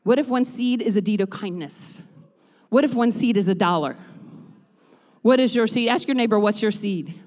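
A woman pastor preaching a sermon in a church, swinging from chatty, joking asides into loud, rhythmic preaching. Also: medium pitch, moderate pace, pauses often. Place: church sanctuary. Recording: long reverb of a large hall.

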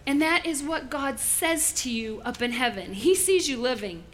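A woman pastor preaching a lively sermon, playful and animated, calling on the congregation to respond. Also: high voice, moderate pace, a little hiss or hum.

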